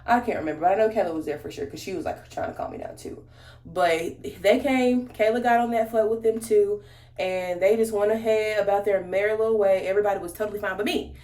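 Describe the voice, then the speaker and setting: Doing her makeup on camera, a woman with a mid-range, slightly mellow voice talks a little fast through a casual storytime, slangy and familiar with her viewers. The room gives her voice a roomy echo.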